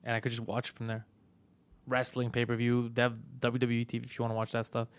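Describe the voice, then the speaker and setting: Fast-talking profane male comedian host. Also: medium pitch, monotone, clean tone, dry recording. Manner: loud, profane, mock-bullying banter. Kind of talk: casual live-stream chat.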